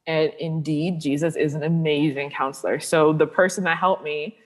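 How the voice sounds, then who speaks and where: Appearing as an interview guest, a woman sexuality coach speaks candidly in a low voice at a moderate pace. She's an animated storyteller who acts out the voices of the people she quotes.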